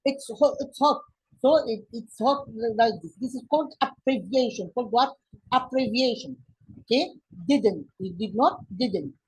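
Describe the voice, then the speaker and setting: An Egyptian woman teaching an English grammar lesson in a halting way, with many fillers and restarts, her first language Arabic. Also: on the high side, expressive, a little mellow, husky, poor audio.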